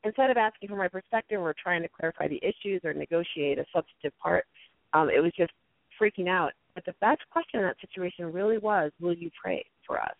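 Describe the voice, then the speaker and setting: A woman's voice: quick pace, dry recording. Woman telling stories over a tinny line. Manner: animated storyteller, acts out quotes in a high voice. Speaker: guest speaker on conflict. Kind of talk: casual storytelling interview. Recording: dry tinny phone-like line.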